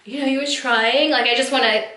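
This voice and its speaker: A woman's voice: high-pitched, fairly even intonation, fairly quick, background noise. A woman in her thirties talking candidly to camera at home in a get-ready-with-me vlog, rambling and heartfelt with lots of fillers. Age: 30s. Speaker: vlogger. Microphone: camera mic. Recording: roomy echo.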